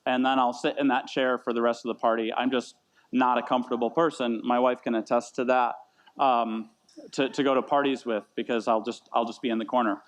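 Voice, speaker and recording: A man's voice: mid-range voice, level tone, brisk. A man in his thirties preaching a casual sermon, rambling and self-deprecating, often repeating words as he tells stories. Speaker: pastor. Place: church meeting in a brewery.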